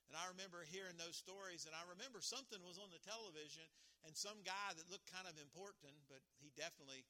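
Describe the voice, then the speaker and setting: A man preaching a sermon as pastor, animated and emphatic, often restarting his phrases. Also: sits high, fast talker.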